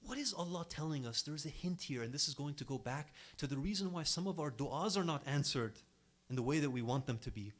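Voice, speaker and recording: A man's voice: a little high, a bit bright. A young man giving a sermon to a congregation in an earnest, emphatic way, his voice rising and dropping sharply to stress each point. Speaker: speaker at an Islamic center.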